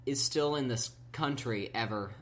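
A man co-hosts a casual podcast in an easygoing, agreeable way. He often backs up his co-host and fills his pauses with "um" and "like" as he talks. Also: mid-range voice, fairly bright tone. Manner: easygoing, agreeable, many fillers. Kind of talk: casual chat.

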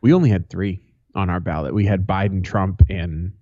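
A man's voice: deep voice, moderate pace, warm tone, no room sound, muffled recording. A man co-hosting a casual podcast, swearing freely and laughing through his stories. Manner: profane, laughing storyteller. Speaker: podcast co-host.

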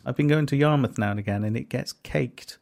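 A man's voice: medium pitch, a little fast, gravelly, darkish tone. A man co-hosting a podcast, telling rambling, wry stories. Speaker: podcast co-host. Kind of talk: casual chat.

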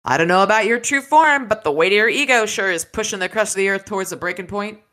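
A woman's voice: mid-range voice, fast talker, bright, forceful tone, voice pushed up, natural voice. A woman reading aloud as a snarky, wisecracking young male wizard detective. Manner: wisecracking, sarcastic.

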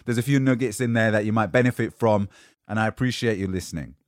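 A young British man hosts a solo motivational podcast from home, speaking quickly in a fairly low voice. His delivery is rambling and conversational.

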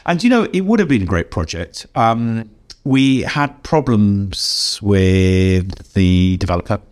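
An older English man, a game designer being interviewed, telling anecdotes in a lively way and acting out the voices of people he quotes. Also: lowish voice, slow. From England. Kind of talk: animated storytelling in an interview.

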